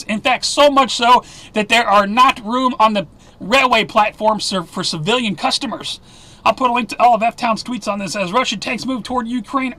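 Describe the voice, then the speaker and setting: A man from the United States hosting a fast, sarcastic news briefing. His voice sits high and bright. He keeps jumping from headline to headline with quick asides. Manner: sarcastic, excitable, talks fast with fillers. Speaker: news commentary host. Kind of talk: fast conspiracy news roundup.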